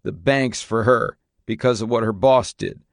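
A man's voice: on the high side, sing-song, moderate pace, breathy edge, no echo, studio quality, voice pushed up. A man voicing an upset teenage boy who pleads and sulks, his voice cracking with tears in an audiobook reading. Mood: scornful.

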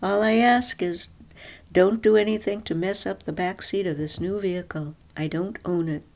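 A woman's voice: mid-range voice, steady tone, normal speed, a little mellow, close to an everyday voice. A woman voicing a weary middle-aged man behind the wheel, speaking with dry, grumbling understatement.

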